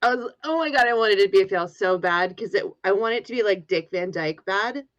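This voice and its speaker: A woman joins a tabletop game over an online call. She talks in a giggly, self-mocking way, at a middling pitch. Her microphone sounds dull and lo-fi. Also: expressive, fairly quick, dry recording. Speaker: player.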